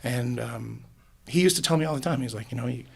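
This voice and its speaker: A man's voice: mid-range voice, brisk, gravelly, breathy edge. A man, a musician guest in a podcast booth, telling his story in a casual, earnest, rambling way with many restarts. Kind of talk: casual interview.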